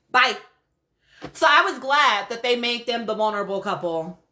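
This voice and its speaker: A woman hosting a casual reality-show recap livestream, talking bluntly and profanely. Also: fairly high pitch. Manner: blunt, profane, animated commentary with laughs. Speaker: podcast host.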